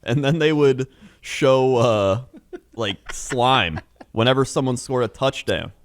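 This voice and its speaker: A man's voice: medium pitch, takes it slowly, no room sound, studio quality. A young man co-hosting a podcast, telling stories in casual chat, laughing often and acting out quotes. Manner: animated storytelling, laughing often, acts out quotes. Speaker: podcast co-host.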